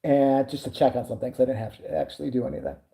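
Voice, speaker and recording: Low, dark-voiced woman ranting. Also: very animated, fast, gravelly. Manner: profane, exasperated, acts out quoted dialogue. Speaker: vlogger. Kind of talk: casual storytelling rant.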